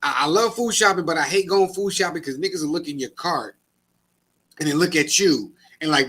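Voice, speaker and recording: A man's voice: a little high, fairly quick, bright, forceful tone. A man co-hosting a podcast, ranting in casual slangy chat. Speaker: podcast co-host.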